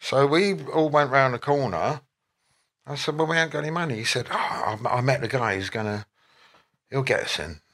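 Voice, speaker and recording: A man, an interview guest telling rambling, animated anecdotes full of quoted voices. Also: mid-range voice, normal speed. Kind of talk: anecdotal storytelling.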